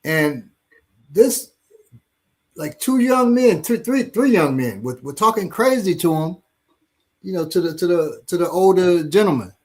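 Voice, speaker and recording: Man, high-pitched, casual storytelling, animated, acts out voices. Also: unhurried. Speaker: instructor.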